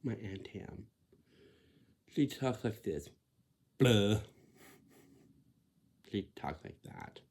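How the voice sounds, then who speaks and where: A man giving advice in a casual, repetitive monologue, slipping between hushed whispers and loud, emphatic bursts. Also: on the low side, sing-song, takes it slowly, long pauses, breathy edge.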